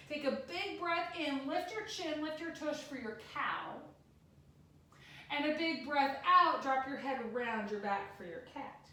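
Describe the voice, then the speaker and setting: A woman teaching a yoga class for children, giving gentle sing-song instructions. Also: high voice. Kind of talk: guided kids' yoga class. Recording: echoey room, distant mic.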